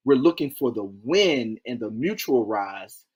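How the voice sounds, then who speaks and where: A man as an interview guest, telling stories in a lively, folksy way, acting out quotes and repeating key phrases. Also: mid-range voice, measured pace, husky, dull audio. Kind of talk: animated interview storytelling.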